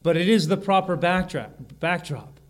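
A man preaching a sermon, slowing and rising on key phrases and often correcting himself mid-sentence. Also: high-pitched, expressive. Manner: emphatic, slows and rises on key phrases, frequent self-corrections. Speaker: pastor.

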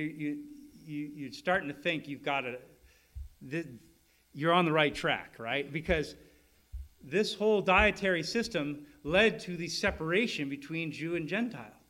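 On the high side and a bit bright, a man's voice carries a pastor's sermon. He teaches in steps, restarting often and checking in with his audience by asking "right?"

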